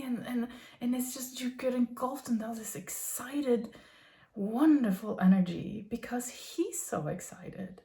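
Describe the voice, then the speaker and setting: A woman in her thirties or forties muses in a gentle, earnest tone, pitched somewhat high. She drifts through fillers and soft laughs as she reflects. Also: a little slow, gravelly. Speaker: vlogger. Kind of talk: reflective spiritual musing.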